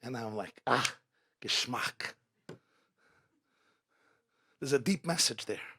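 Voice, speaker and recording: A man with a mid-range voice, lively intonation, and a slightly bright, breathy edge gives an inspirational talk briskly in a community event hall. Speaking at a religious gathering, he asks rhetorical questions and repeats them for emphasis.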